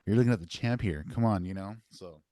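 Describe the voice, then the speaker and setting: A man's voice: low voice, fast talker, warm tone, no echo, studio quality. A young man co-hosting a podcast, telling casual stories in a laid-back way full of filler words. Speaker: podcast co-host. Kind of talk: casual chat.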